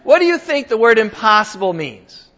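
High-voiced older pastor preaching. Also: male voice, sing-song, moderate pace, fairly bright tone. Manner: conversational, emphatic, jokes with the congregation. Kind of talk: sermon. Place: church hall with a congregation. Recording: dull lo-fi sound.

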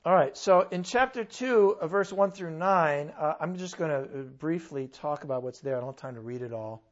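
A man's voice: fairly high pitch, expressive, normal speed, dull audio. A man preaching a sermon in church, conversational and earnest, with sudden bursts of emphasis.

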